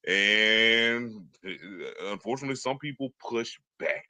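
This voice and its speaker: A man's voice: lowish voice, big pitch swings, fairly quick, sharp tone, dry recording. A man co-hosting a wrestling show in casual chat, talking emphatically and repeating phrases for punch. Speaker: co-host.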